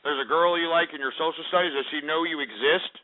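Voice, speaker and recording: A man's voice: a little high, fast. A man hosting a call-in radio show, brash and mocking, trading insults with callers. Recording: phone-like lo-fi broadcast audio.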